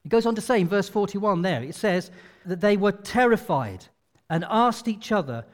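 Male preacher, high and lively voice, sermon style, reverberant hall. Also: moderate pace. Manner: animated, expressive storytelling delivery. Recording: long reverb of a large hall.

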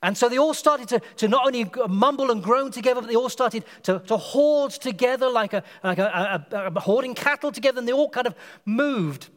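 A man preaching a sermon, telling stories and acting out the quotes with lively energy. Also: extremely high pitch, a little fast, in a large hall. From Britain. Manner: animated storytelling, acts out quotes.

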